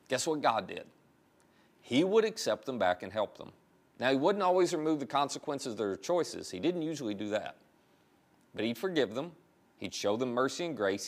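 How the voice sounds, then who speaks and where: A man's voice: mid-range voice, sing-song, normal speed. A middle-aged man preaching a sermon in a conversational, storytelling way, often putting direct questions to his listeners. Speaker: pastor.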